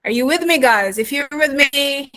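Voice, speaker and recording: A woman gives an online pronunciation lesson, repeating words slowly and encouraging her students. Her voice sits a little high. The sound is dry and close. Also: animated, sharp tone, no room sound, low-quality recording. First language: Arabic. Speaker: accent teacher.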